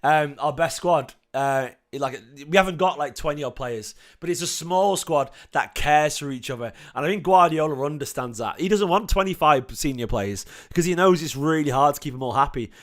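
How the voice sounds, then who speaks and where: A young man with a slight cough, hosting a casual fan livestream and reading out chat messages in an excitable, emotional, chatty way. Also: a little high. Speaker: fan channel host reading live chat.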